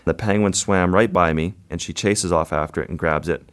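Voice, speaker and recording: Low-voiced man telling a wild story. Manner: halting, vivid storytelling with pauses and fillers. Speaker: photographer guest. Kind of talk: recounting a story in an interview.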